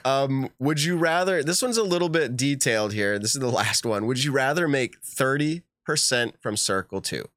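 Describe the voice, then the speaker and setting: Animated laughing podcast host, a man. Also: medium pitch, normal speed, hardly any pauses, no echo, clean studio sound. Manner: animated, laughs often, reads texts aloud. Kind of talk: casual live podcast chat.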